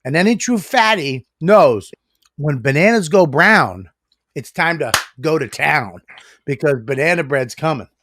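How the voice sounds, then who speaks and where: A man's voice: a little high, animated, measured pace, a bit bright, a little hiss or hum. A man co-hosting a podcast, telling stories in a boisterous, profane way. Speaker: podcast co-host. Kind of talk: casual chat.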